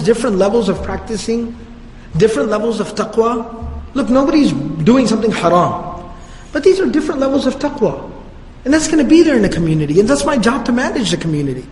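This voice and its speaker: A patient leader talks a frustrated old friend down in relaxed, slangy phrasing, as a male lecturer acts him out. The voice sits fairly high and rings through a big reverberant hall. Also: a little hiss or hum. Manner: reasoning, gently persuasive, casual slang.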